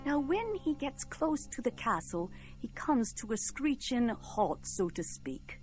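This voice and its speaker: A woman's voice: a little high, sing-song, unhurried, faint music behind. A woman telling a folk tale in a playful, rhythmic, musical way. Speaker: storyteller.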